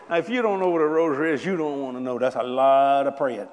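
A man in his seventies preaching a sermon to a congregation, telling humorous stories with lively asides to the people in front of him. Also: a little high, quick pace, few pauses. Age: 70s. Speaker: pastor. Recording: long hall reverb.

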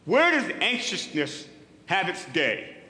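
In a slow, pushed, bright high voice that swings hugely in pitch, a middle-aged male pastor preaches emphatically and earnestly. Repeated words help him build each point, all inside an echoey hall with a long reverb tail.

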